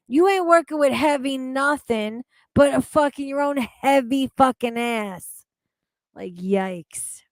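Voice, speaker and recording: A woman's voice: high-pitched, slow pace, no room sound, clean studio sound. A woman streamer reacting to videos, with crude, mocking and incredulous commentary full of swearing.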